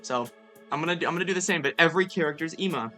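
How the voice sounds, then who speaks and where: A woman's voice: low voice, racing, fairly bright tone, soft background music. A young woman streaming a game, chatty and self-mocking, swearing casually between lines.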